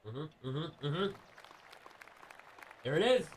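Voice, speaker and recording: A radio co-host chatting casually while playing golf, excitable, cheering his shots on and swearing freely. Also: on the high side, slow, husky, some chatter behind. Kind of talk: casual chat over a video game.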